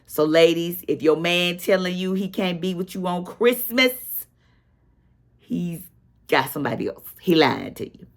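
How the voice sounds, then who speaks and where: A middle-aged woman tells a personal story in a relaxed vlog chat. Her voice sits low and her pace is slow and drawn out. She acts out what people said as she goes. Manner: animated storyteller, acts out quotes with a higher voice. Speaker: vlogger telling a personal story.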